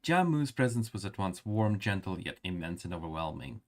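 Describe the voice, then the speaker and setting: A man's voice: sits low, expressive, fast, hardly any pauses. A man streaming, reading a game story aloud and adding casual, joking asides. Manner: casual, joking asides between read lines.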